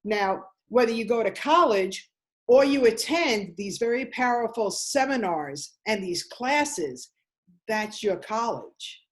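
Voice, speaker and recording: A woman's voice: fairly high pitch, expressive, takes it slowly. Guest woman, sixties, emphatic storyteller who repeats key phrases. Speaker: guest speaker. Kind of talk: interview talk.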